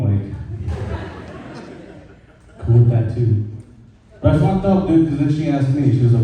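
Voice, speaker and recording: A man's voice: medium pitch, lively intonation, measured pace, pauses often, lo-fi sound. A man doing a casual, swearing stand-up comedy set on stage at a brewery, with a dry mouth. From Mexican heritage. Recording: echoey room from far off.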